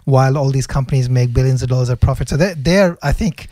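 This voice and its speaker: A man co-hosting an investing podcast, speaking in a mellow, warm voice. He thinks aloud, hesitating and restarting his sentences. The mic is close and dry. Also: medium pitch, quick pace, no echo. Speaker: podcast co-host. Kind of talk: casual investing podcast chat.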